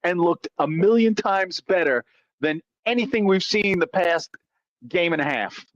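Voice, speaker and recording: High-voiced man ranting crudely. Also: lively intonation, measured pace, no echo, muffled recording. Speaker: co-host on a sports stream. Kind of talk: casual sports chat.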